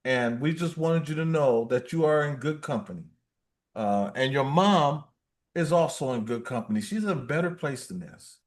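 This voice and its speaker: Man hosting a livestream, high bouncy voice, joking with the chat. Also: expressive, normal speed. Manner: playful, reads viewer comments aloud. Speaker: livestream host.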